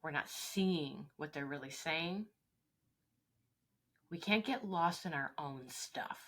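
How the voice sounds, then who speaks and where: A woman coach talking in an interview with a bright, forceful voice pitched a bit low. She speaks earnestly and with emphasis, and she often acts out short everyday exchanges to make her point. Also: slow. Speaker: leadership coach, guest. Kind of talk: interview conversation.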